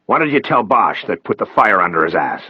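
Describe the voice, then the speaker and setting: A man voicing a menacing male federal agent who taunts and threatens in a deep, husky voice. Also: very animated, fairly quick, no room sound, muffled recording.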